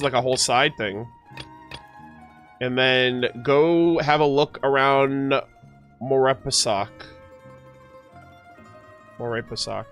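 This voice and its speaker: Brief: male streamer, unhurried delivery, slightly high voice, jokey and excitable reactions over faint game music. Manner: excitable, jokey, talks to chat. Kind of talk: casual gameplay reaction commentary.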